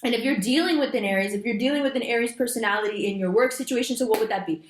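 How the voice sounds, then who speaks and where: A woman reads the month's horoscope with a fairly high, lively voice. She talks directly and emphatically to her viewers and slips into casual slang. The room around her gives back a clear echo. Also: racing, a little hiss or hum. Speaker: astrology reader. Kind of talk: monthly horoscope reading to camera.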